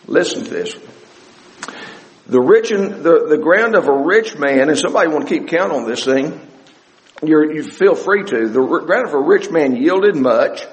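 A man preaching a sermon as pastor of a church, animated and repeating words, slowing down to stress a point. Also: a little high, big-room sound, poor audio.

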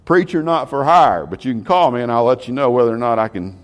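A man preaching to a Bible class, animated and full of rhetorical questions. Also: mid-range voice, fast talker.

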